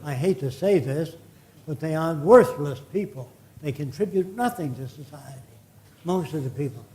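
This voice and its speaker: A man's voice: on the high side, moderate pace, warm tone. An older man giving a public lecture, blunt and indignant, with frequent curses.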